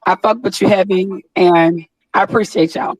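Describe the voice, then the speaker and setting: A woman's voice: mid-range voice, fairly even intonation, breathy edge, dry recording, rough recording. Effusive, profane woman. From Atlanta, USA. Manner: effusive, profane, drawn-out words. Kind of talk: casual chat on an audio chat room.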